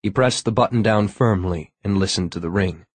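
A man narrating a novel in a steady, measured storytelling voice. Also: lowish voice, slightly rough, no echo. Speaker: audiobook narrator. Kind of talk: scripted narration.

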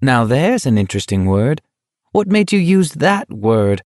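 A man's voice: mid-range voice, big pitch swings, unhurried, darkish tone, no room sound, studio quality, pitched above the performer's own voice. A man voicing a young male walker who taunts and needles his rival in a sly, mocking way. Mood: soothing. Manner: sly, mocking, soothingly condescending.

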